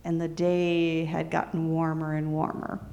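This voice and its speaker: A woman telling a serialized story in an unhurried, soft-spoken way. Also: deep voice, completely flat delivery, lo-fi sound.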